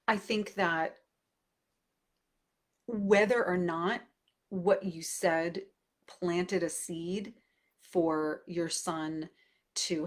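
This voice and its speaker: A middle-aged woman, a parenting coach, talking casually and thoughtfully, with fillers and restarts, as she answers a question. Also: on the low side. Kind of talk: casual advice talk answering viewer questions.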